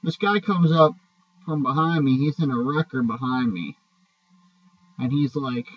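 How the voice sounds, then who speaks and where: Rambling trucker with a profane streak. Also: male voice, mid-range voice, measured pace, pauses often, husky, no echo. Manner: rambling, profane, restarts often. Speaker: truck driver telling a road story. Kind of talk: casual spoken storytelling. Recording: dull, distant mic.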